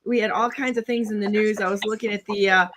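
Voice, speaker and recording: A woman's voice: medium pitch, steady tone, fast, fairly bright tone, slight background noise. A woman hosting a casual online talk show, chatty, with many fillers and restarts. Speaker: show host.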